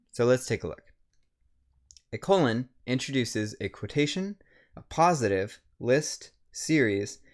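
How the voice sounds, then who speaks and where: A man from a writing center giving a recorded grammar lecture, explaining step by step and slowing down to read example sentences. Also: mid-range voice.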